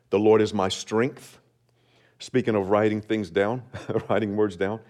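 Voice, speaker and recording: A man preaching a sermon as pastor, measured and deliberate, slowing down on key phrases and leading the congregation in reading along. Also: lowish voice, darkish tone. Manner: leads congregation in responsive reading.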